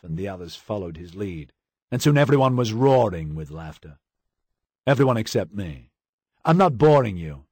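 Male audiobook narrator, low and husky, lively intonation, wry dramatic read. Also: no echo, clean studio sound. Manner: wry, dramatic storytelling with acted quotes. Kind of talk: first-person audiobook narration.

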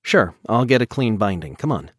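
Casting: male narrator playing a cool, guarded wife in an audiobook, calm and controlled, a touch higher than his own low voice. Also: moderate pace, no room sound, clean studio sound. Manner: calm, quietly soothing, controlled. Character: cool, detached young wife.

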